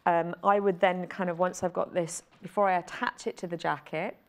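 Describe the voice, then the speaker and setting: A woman's voice: on the low side, steady tone, moderate pace. A woman from Wales with a Welsh accent, presenting a sewing demonstration on a shopping channel and explaining each step in a chatty way.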